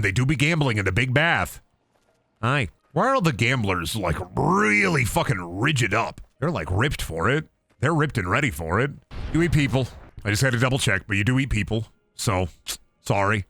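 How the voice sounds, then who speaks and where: Young male game streamer, goofy and jokey, lively bright voice, dry close sound. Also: medium pitch, no room sound. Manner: goofy, jokey, often putting on silly voices. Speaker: gaming streamer. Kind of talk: playful stream commentary.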